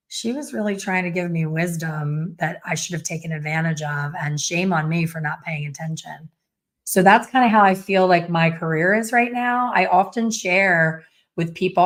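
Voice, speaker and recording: Woman, fifties, lowish voice, blunt, chatty, live-stream host. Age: 50s. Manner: blunt, chatty, storytelling with sassy put-on voices. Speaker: hair color educator hosting a live stream. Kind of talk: casual live-stream chat.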